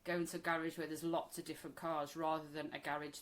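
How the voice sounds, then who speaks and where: A woman's voice: sits low, level tone, quick pace. A woman in her forties, a podcast co-host, chatting casually and telling a story bluntly, with plenty of swearing. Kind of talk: casual chat.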